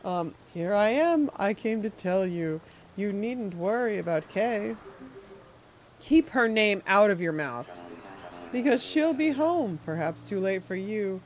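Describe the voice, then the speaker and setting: A woman reading aloud as a creepy older man in a game. He speaks slowly and ominously and calls himself a guardian. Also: mid-range voice, expressive, a little mellow, slight background noise. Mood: menacing.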